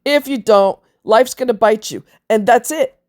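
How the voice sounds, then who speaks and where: A woman's voice: on the high side, measured pace, darkish tone. A woman ranting to her viewers in a blunt, scornful, profane way, mocking others in voiced quotes. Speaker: vlogger.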